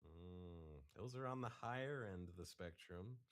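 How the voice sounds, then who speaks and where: A man's voice: sits low, animated. A man appearing as a guest on a live show, chatting in a laid-back way about the voices he can do. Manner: unhurried, laid-back, muses aloud. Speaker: guest voice impressionist. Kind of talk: casual chat.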